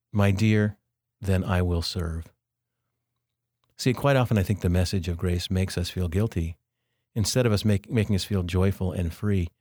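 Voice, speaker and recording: A man hosting a devotional podcast, speaking in an earnest, measured and reflective way. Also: sits low, darkish tone, no room sound, clean studio sound. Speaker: podcast host.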